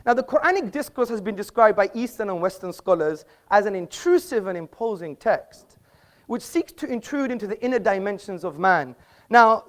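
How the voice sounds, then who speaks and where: Guy giving a pushy debate speech in an auditorium, quoting books and needling the crowd. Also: high voice. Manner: assertive, quips at the audience, quotes books. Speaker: debate speaker. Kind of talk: live public debate speech. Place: auditorium with audience.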